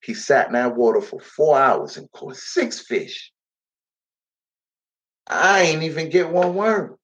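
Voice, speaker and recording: A man's voice: fairly high pitch, big pitch swings, slow pace, fairly bright tone. A man telling a dramatic first-person story in heavy dialect, slipping into the voices of the people in it. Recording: dull lo-fi recording.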